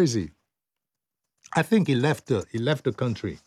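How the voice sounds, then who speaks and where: A man's voice: medium pitch, sing-song, moderate pace, long pauses, darkish tone, breathy edge, no echo. An older man hosting a radio show, bantering playfully through studio outtakes, joking, laughing and breaking into silly song.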